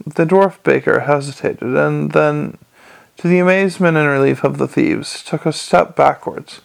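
A man narrating an audiobook in a dry, measured storytelling manner. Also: a little high, fairly even intonation, vocal fry.

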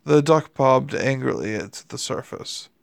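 A man reading a story aloud in dry, deadpan scripted narration. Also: medium pitch, a little slow, creaky, no echo. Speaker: audiobook narrator.

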